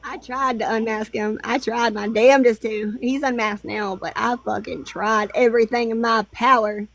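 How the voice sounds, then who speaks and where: A woman's voice: fairly high pitch, steady tone, moderate pace, vocal fry, fairly bright tone. A woman in a casual livestream chat, joking, swearing freely and laughing often.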